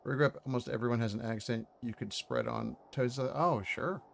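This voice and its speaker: A man's voice: medium pitch, brisk, a little hiss or hum. A man from Pennsylvania, running a tabletop game and chatting casually with joking, rambling asides. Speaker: game master.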